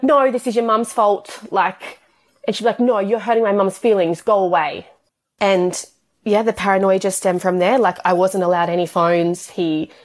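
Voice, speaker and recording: A woman's voice: on the low side, darkish tone. A woman, telling her story as an interview guest in long, tumbling run-on sentences full of "like". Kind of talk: emotional personal interview.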